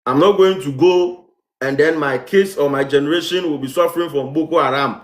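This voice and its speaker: A man's voice: on the high side, fairly quick, echoey room. A man with a Ghanaian accent giving a heated vlog commentary, repeating rhetorical questions and hammering his points. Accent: Ghanaian English. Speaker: vlogger. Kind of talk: impassioned commentary monologue.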